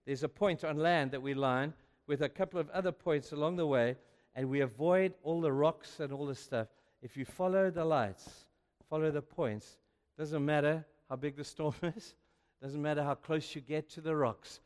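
A male pastor preaching a sermon, telling stories with sudden swings between hushed and loud. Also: fairly high pitch, normal speed. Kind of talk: sermon with storytelling. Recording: long reverb of a large hall.

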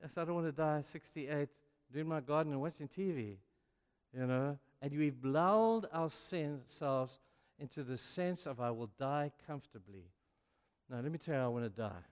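An older man's clean, fairly high voice moves at normal speed as he preaches, telling stories and voicing the dialogue more and more energetically. The manner is lively, with a rising voice, heard through long hall reverb.

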